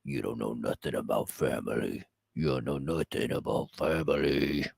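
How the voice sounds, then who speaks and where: A man voicing a gruff action-movie tough guy, dropping his voice very low. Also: normal speed, darkish tone, no room sound, clean studio sound, exaggerated voice. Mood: scolding.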